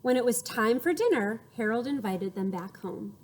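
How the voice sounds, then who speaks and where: A woman reading a picture book aloud to children, expressive and playful, acting out sound effects and inviting her young listeners to join in. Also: fairly high pitch, moderate pace. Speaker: storyteller for children.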